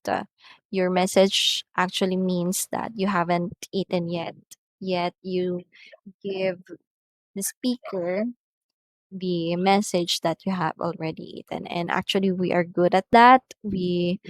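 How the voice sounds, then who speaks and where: A woman's voice: medium pitch, no echo. A woman, an English teacher explaining patiently and reading out example sentences in a recorded lesson.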